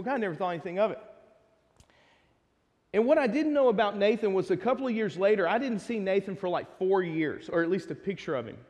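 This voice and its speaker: A man's voice: high-pitched, darkish tone. A man with a Texas accent, preaching a casual sermon as pastor, chatty and joking, with asides to the congregation. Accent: Texan. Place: church sanctuary. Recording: long hall reverb.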